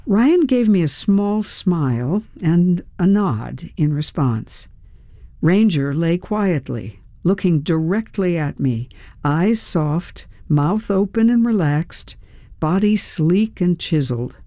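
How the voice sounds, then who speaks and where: A woman's voice: on the low side, expressive, takes it slowly, dark tone, no room sound, clean studio sound. A woman narrating a first-person audiobook with a wry, dryly humorous manner.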